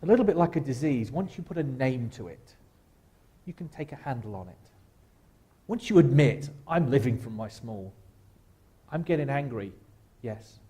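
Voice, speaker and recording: A man, a guest speaker at a church, leading a slow guided reflection with a wry, gentle humor. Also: mid-range voice, expressive. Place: church sanctuary.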